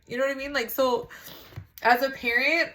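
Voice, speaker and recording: A woman's voice: high-pitched, steady tone, moderate pace, pushed and bright. A mother sharing a casual faith testimony, rambling and frank, with lots of "like" and some swearing.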